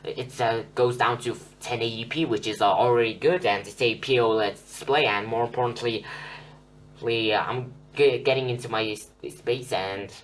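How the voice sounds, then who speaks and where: A man's voice: mid-range voice, fairly even intonation, normal speed. A young man rambling through an unscripted phone review, with many fillers and restarts. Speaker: tech reviewer. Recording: slightly distant with faint hum.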